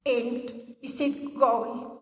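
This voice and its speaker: An older woman, giving a personal testimony in church in halting English. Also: fairly high pitch, fairly even intonation. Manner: halting non-native English, earnest storytelling. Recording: echoey hall, voice from far off.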